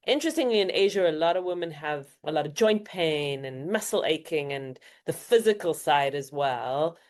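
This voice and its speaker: Low-pitched woman guest, casual interview, explains things plainly with quoted asides. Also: animated, moderate pace, darkish tone. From South Africa. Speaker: guest, homeopath and naturopathic doctor.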